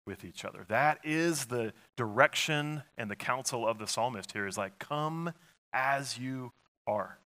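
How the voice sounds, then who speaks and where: A male pastor preaching with a low, bright, forceful voice. He talks in an earnest, conversational way, stumbling and restarting often as he works through his thoughts. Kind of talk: sermon.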